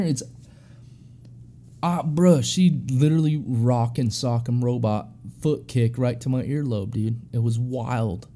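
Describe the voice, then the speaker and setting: A young man with a warm, relaxed tone and an ordinary middle pitch spins a casual story. His talk is slangy and profane, full of bro and dude. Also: unhurried. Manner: slangy, profane, animated, addresses listeners as bro.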